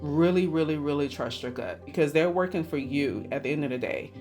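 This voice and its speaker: A woman physician speaking as a guest in a conversation, explaining things in a measured way. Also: low voice, lively intonation, a little mellow, faint music behind. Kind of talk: intimate conversation.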